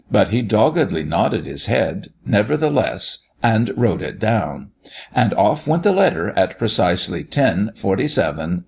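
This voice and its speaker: Gravelly, lively male storyteller. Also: low voice. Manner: expressive, animated reading. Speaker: audiobook narrator. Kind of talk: storybook narration.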